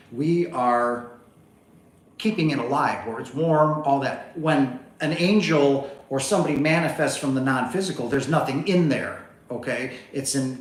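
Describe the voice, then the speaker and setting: A man hosting a spiritual livestream, telling a story in a rambling casual monologue full of asides. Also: mid-range voice. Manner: rambling, animated, full of asides like "right?" and "okay?". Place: home, on a couch. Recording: echoey room.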